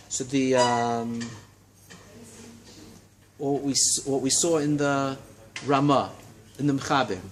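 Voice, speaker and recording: A man teaching a Talmud class in a study hall, lecturing in a lively way and checking in with his students. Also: medium pitch, slight background noise. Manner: animated, lively teaching with frequent check-ins and rising emphasis.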